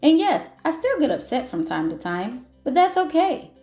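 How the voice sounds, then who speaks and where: A woman reading aloud as a once-grumpy grape who has learned to forgive, in a gentle, reflective storybook manner. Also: sits high, very animated, moderate pace, echoey room, soft background music. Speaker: children's book reader. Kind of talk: picture book read-aloud.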